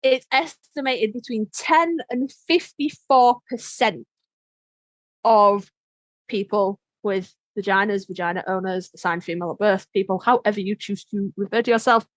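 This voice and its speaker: A woman's voice: mid-range voice, moderate pace, dry recording. A woman co-hosting a podcast in casual chat, blunt and self-deprecating, swearing freely. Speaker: podcast co-host and instructor.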